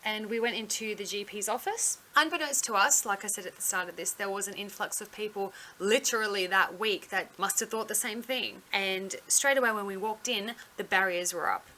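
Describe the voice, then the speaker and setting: Woman vlogger, blunt and sarcastic, bright sharp voice, faint noise behind. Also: mid-range voice, brisk, hardly any pauses. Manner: blunt, sarcastic, swears freely. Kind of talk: storytelling vlog.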